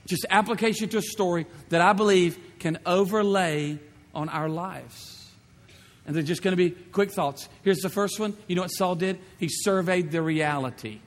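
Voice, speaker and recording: Male pastor preaching hard, kinda high voice, lots of repeating and questions, big echoey church sound. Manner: fervent, repetitive preaching with rhetorical questions. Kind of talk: sermon. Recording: long reverb of a large hall.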